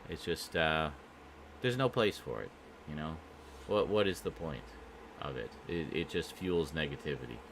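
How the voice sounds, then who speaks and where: A man's voice: extremely low pitch, expressive, normal speed, gravelly, background noise. A man hosting a casual live stream, chatting with viewers in a rambling way full of fillers and restarts.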